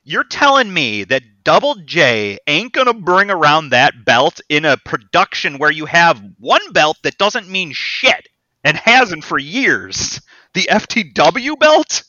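Excitable high-voiced man, lively. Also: slow, no room sound. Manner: excitable, theatrical storyteller. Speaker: podcast co-host. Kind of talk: casual chat. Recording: slightly dull lo-fi sound.

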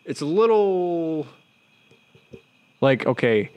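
A man's voice: fairly high pitch, big pitch swings, slow, lo-fi sound. Swearing young man, blunt podcast chat. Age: young adult. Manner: blunt, swears often, rambling. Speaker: podcast co-host. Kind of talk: casual chat.

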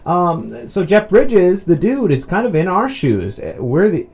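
A man casually talking through a film, swearing freely and jumping into loud, excited mock outbursts. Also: high voice, unhurried. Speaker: movie commentary co-host. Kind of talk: casual film commentary chat.

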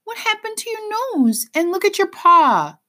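A woman's voice: medium pitch, expressive, a little fast, a little mellow, slightly rough, voice pushed up. A woman voicing a worried young woman who pleads in a trembling voice in an audiobook. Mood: alarmed.

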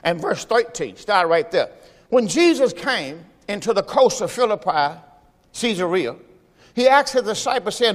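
Man preaching, very high voice, folksy and repetitive, congregation call-and-response, long church reverb. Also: big pitch swings, unhurried. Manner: folksy, repeats phrases for emphasis. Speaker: pastor. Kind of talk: sermon. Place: church sanctuary during a service.

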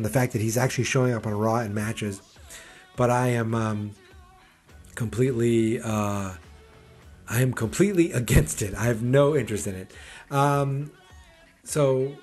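A man's voice: medium pitch, darkish tone. A man hosting a casual podcast, rambling sarcastically with lots of fillers and self-corrections. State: hiccups. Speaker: podcast host. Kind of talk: casual wrestling preview chat.

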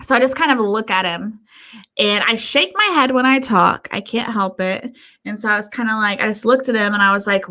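Bright, animated woman telling stories. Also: medium pitch, brisk. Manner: animated storyteller, swears freely, acts out quotes. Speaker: podcast co-host. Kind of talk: casual chat.

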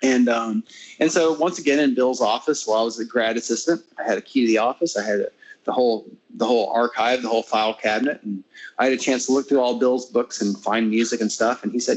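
A man's voice: medium pitch, quick pace, rough recording. An American man, a classical guitarist in a casual interview, talking in long rambling stretches full of restarts and fillers. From United States. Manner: rambling, many restarts and fillers, animated when retelling.

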